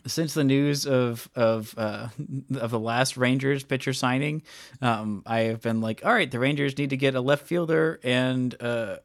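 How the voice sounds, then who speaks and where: A man's voice: medium pitch, a little slow, no echo. Chatty man on a dry podcast mic. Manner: chatty, lots of fillers, jokey. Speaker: podcast co-host. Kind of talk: casual sports podcast chat.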